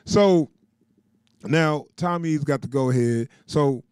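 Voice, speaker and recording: A man's voice: on the high side, slow pace, darkish tone, clear, resonant tone, no room sound, studio quality. A man giving a casual, loose recap of a TV episode, chuckling often and leaning on filler words. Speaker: TV show reviewer.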